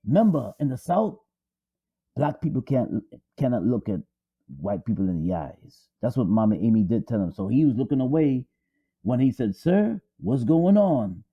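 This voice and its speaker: Emphatic husky male storyteller. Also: medium pitch, big pitch swings, moderate pace, phone-quality sound. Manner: repetitive, emphatic, restarts for effect. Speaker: co-host. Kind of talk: dramatic storytelling.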